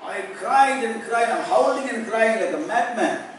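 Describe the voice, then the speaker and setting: Animated man storytelling in an echoey hall. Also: very high-pitched, a little slow. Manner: animated, acts out dialogue with rising intensity. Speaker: youth retreat speaker. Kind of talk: emotional personal storytelling talk. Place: large indoor retreat hall. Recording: very echoey hall, mic far off, faint noise.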